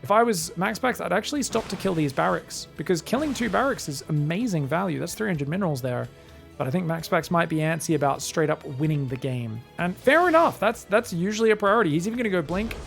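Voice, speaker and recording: Solo esports caster, young male, slightly high, gravelly; casual chatter, faint music under. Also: fast. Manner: casual, chatty, bursts into loud excited yelling. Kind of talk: solo play-by-play game commentary.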